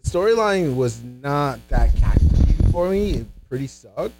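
Podcast dude, animated slangy chat, bit high, music going behind him. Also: male voice, normal speed, rough recording. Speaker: podcast co-host. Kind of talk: casual chat.

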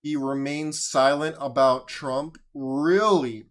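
A man's voice: medium pitch, fairly even intonation, slow. A man from the United States giving solo political commentary as a podcast host, sarcastic and arguing back at the clips he plays.

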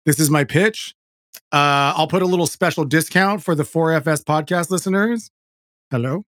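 A man hosting a podcast, talking in an animated, chatty way that keeps breaking off and restarting. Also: fairly high pitch, moderate pace, dry recording, studio quality. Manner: animated, self-interrupting, chatty. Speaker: podcast host. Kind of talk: casual chat.

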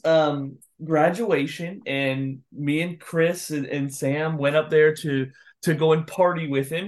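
A young man co-hosting a podcast, chatting casually and teasing with quick reactions. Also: a little high. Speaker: podcast co-host. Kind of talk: casual chat.

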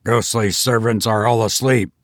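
A man reading a story aloud, voicing a bold man who leads his friends with brisk commands. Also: medium pitch, lively intonation, a bit bright, no room sound, studio quality. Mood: commanding. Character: bold, brisk man leading a ghost hunt. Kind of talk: audiobook character voice.

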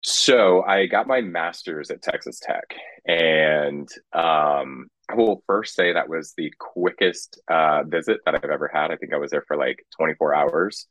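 Deep-voiced young man from Kansas. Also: no echo. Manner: relaxed, drawn-out speech with many fillers. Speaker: guest. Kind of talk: casual interview chat.

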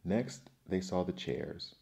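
A man narrating a children's fairy tale in an expressive, measured storytelling manner. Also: low-pitched, creaky.

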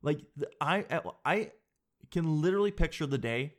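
A young man in his twenties performing a stand-up comedy routine, talking in an animated, slangy way and jumping into quick impressions of other people. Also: a little high.

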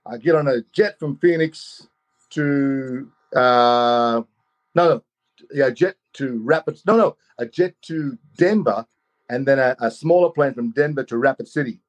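Animated man telling a story. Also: medium pitch, a little slow. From Australia. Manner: animated, acts out quoted voices, many "you know"s. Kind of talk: personal storytelling.

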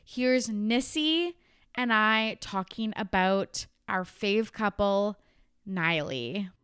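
A woman's voice: medium pitch, takes it slowly, fairly bright tone, clean tone, no echo, clean studio sound. A young adult woman hosting a podcast in casual chat, laughing often and swearing freely. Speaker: podcast host.

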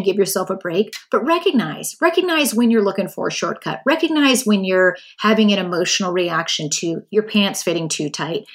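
Woman, podcast host, casual monologue, animated, acts out quotes. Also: mid-range voice. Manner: candid, animated, acts out quoted inner voices.

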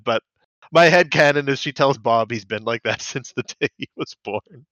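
A man's voice: medium pitch, normal speed, fairly bright tone, no echo. A man hosting a casual podcast recap of a cartoon, rambling and often laughing. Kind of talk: casual chat. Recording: dull lo-fi.

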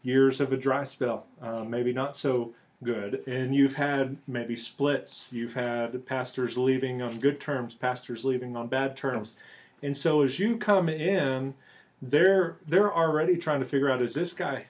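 A man's voice: mid-range voice, measured pace. Teasing man on a podcast. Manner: joking, teasing, rambling with fillers. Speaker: podcast co-host and church replanting author. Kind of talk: casual podcast chat.

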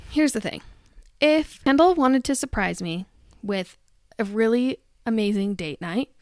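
A woman's voice: fairly high pitch, lively intonation, measured pace, smooth, dry recording, studio quality. A woman hosting her own show, chatting and ranting in a rambling, amused, exasperated way. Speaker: host. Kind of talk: casual chat rant.

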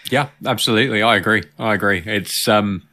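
Low-voiced man discussing a film. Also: fairly quick, pushed and bright. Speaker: podcast co-host. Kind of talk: casual movie discussion.

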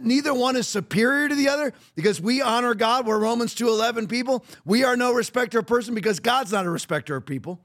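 A man's voice: extremely high pitch, a bit bright. A man hosting a podcast, giving blunt, emphatic and mocking commentary. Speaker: podcast host.

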